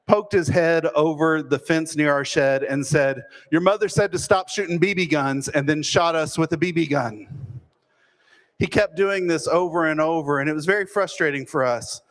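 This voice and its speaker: Guy telling a funny story about himself, bit high voice, dry comic timing. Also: normal speed. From Fort Worth, Texas. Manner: self-deprecating, deadpan comic timing. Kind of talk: humorous personal storytelling.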